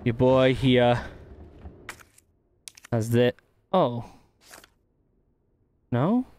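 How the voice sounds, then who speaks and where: A man's voice: medium pitch, lively intonation, very slow, a little mellow, slight background noise. Man muttering through a game. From United Kingdom. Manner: thinks aloud, mutters to himself while solving puzzles. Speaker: gaming channel host. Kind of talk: gameplay commentary.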